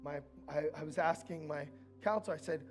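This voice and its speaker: A man preaching a sermon in a church, earnest and personal, dropping from loud lines to quiet, intimate asides. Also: on the high side, fairly quick. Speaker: pastor.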